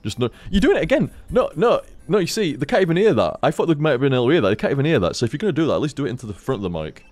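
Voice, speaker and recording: Laid-back streamer rambling with faint music. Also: male voice, fairly high pitch, very animated, racing, hardly any pauses, darkish tone. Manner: laid-back, swears freely, talks to his cat. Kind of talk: casual post-stream ramble. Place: home room. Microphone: studio microphone on a desk stand.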